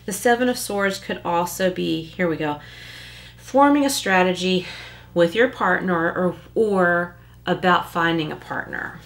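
A woman's voice: lowish voice, measured pace, vocal fry. A woman giving a casual tarot reading, chatty, with many likes and rhetorical rights, now and then acting out short quoted lines. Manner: acts out little quoted lines. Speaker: tarot card reader.

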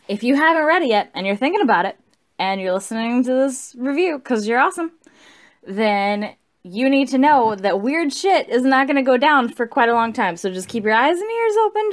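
A tipsy woman rambling through a casual, profane book review and correcting herself as she goes. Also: a little high.

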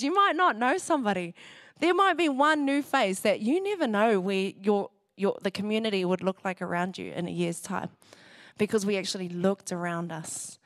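A female pastor delivers a conversational sermon in a church hall, her mid-range voice expressive and moderately paced. She's chatty, laughs a lot, and acts out what other people said. The recording is studio quality.

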